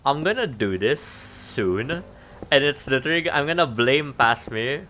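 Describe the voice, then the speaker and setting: A man's voice: mid-range voice, slow pace, bright, forceful tone, a little hiss or hum. A man streaming a game and chatting casually, thinking aloud about what he is building and poking fun at himself. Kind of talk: casual gameplay stream talk.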